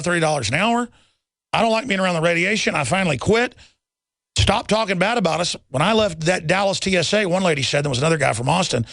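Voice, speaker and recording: A man's voice: on the high side, vocal fry, a bit bright, no room sound, studio quality. A man hosting a talk radio show, ranting in a rambling, heated way with many restarts before taking calls. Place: radio studio.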